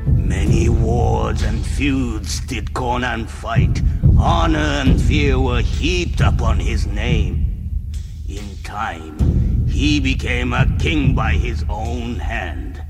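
A grave storyteller intones an epic in a deep, measured film-narrator style. He speaks extremely slowly and solemnly, each phrase weighted. A loud orchestral score swells beneath his words. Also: loud music behind the voice.

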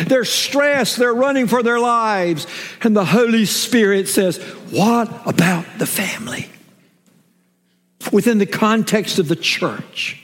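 A middle-aged man preaching a sermon as a pastor, with emphatic swings from raised shouts down to whispers. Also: extremely high pitch. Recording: long hall reverb.

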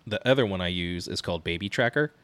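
A man in his thirties, co-hosting a parenting podcast in casual chat, telling animated stories with laughs. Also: deep voice, quick pace, no room sound. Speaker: podcast co-host.

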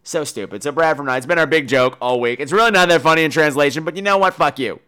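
A man's voice: fairly high pitch, fast talker, bright, forceful tone, smooth. A young man hosting a podcast, delivering a profane, sarcastic comedic monologue and ranting about everyday annoyances. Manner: profane, sarcastic, ranting, breaks into silly put-on voices. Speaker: podcast host.

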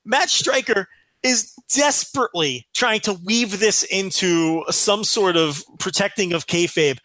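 A man's voice: high-pitched, big pitch swings, normal speed, sharp tone, dry recording. A man co-hosting a casual podcast, ranting in exasperation and swearing freely. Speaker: podcast co-host. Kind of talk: casual wrestling podcast chat.

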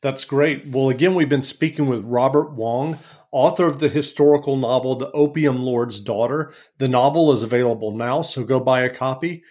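A man hosting an interview, briskly wrapping up the segment. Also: mid-range voice, darkish tone. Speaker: interview host.

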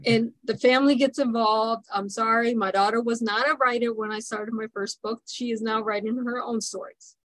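A woman's voice: fairly high pitch, steady tone, normal speed, hardly any pauses, a bit bright, no room sound, poor audio. Chatty woman host, dry close sound. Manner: affirming, chatty, short agreeing replies. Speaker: podcast host. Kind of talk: casual interview chat.

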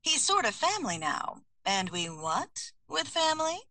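A woman's voice: sits high, sing-song, moderate pace, sharp tone, dry recording, heavily acted. A woman voicing an exasperated, sarcastic heroine who is wrangling her magical pets, in an audiobook. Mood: wry. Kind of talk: audiobook character voice.

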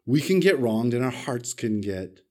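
Guy preaching, tells a story all animated, gets loud then drops way down, pokes fun at himself. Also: normal speed. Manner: animated storytelling, big swings in pitch and loudness; self-deprecating, asks the congregation questions. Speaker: pastor. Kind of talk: sermon with personal story.

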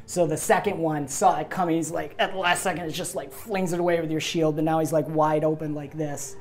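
A woman's voice: low-pitched, fairly even intonation, fairly quick, music in the background. A woman narrating a tabletop role-playing game as game master, giggling often and adding sound effects to her storytelling.

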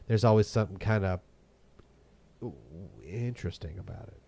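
A man's voice: lowish voice, moderate pace, gravelly, mellow. A man in casual podcast chat, blunt, opinionated and sarcastic.

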